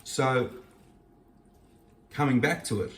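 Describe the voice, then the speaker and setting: Speaking slowly in a mid-range voice, a host gives an earnest, reflective Torah teaching from his kitchen, reading Hebrew verses from a scripture passage and explaining them. The room is echoey and the mic is at a distance.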